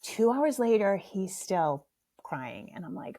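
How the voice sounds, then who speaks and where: Animated, self-mocking middle-aged woman. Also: medium pitch, slow pace. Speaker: podcast host. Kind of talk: casual comic storytelling.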